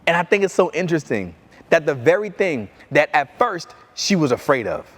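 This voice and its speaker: A man's voice: fairly high pitch, very animated, normal speed. A man in his thirties giving a motivational keynote, telling a story and acting out his children's voices. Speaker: keynote speaker.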